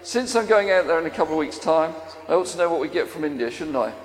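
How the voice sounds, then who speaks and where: A man's voice: fairly high pitch, lively intonation, quick pace. A man leading a harvest service, chatting and asking the congregation questions as he goes. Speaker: church leader at a harvest service. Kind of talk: interactive talk to a congregation. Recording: long reverb of a large hall.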